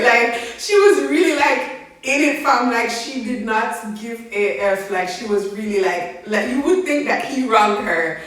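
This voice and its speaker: A young woman, telling a story in a casual, slangy, animated way and laughing along as she goes. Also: on the high side, moderate pace. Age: young adult. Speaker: vlogger. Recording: very echoey room, mic at a distance.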